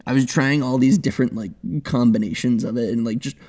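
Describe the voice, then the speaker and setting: A man's voice: medium pitch, fairly even intonation, a little fast, dark tone. A man co-hosting a casual chat, rambling and joking with lots of restarts. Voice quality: rambling, many fillers and restarts. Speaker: podcast co-host.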